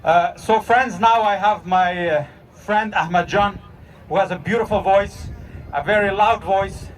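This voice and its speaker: High-voiced man emceeing a rally. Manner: earnest, halting with many fillers. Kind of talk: addressing an outdoor rally. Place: outdoors at a street demonstration. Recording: distant mic with outdoor noise.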